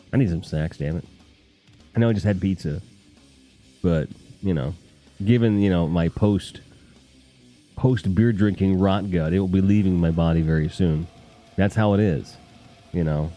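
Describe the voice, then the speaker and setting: Low rambling male stream host. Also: mellow. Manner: rambling, joking, crude humor, talks to chat. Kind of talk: casual live stream chat.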